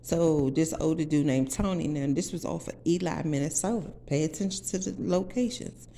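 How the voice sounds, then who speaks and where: A woman's voice: low-pitched, moderate pace, mellow, a little hiss or hum. A woman in her forties from the Washington DC area, telling her story to viewers in a blunt, profane, emphatic way. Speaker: vlogger.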